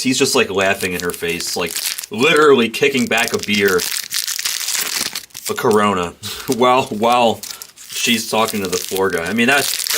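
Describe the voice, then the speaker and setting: A man's voice: lowish voice, noisy background. A man hosting a live card break stream, telling a rambling story in casual chat. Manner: chatty, rambling, self-correcting. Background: tearing and crinkling card packs.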